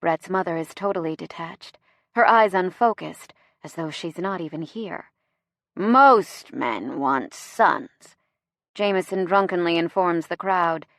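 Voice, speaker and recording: A woman's voice: on the low side, steady tone, moderate pace, no echo, studio quality. Woman narrating a romance audiobook. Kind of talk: scripted first-person narration.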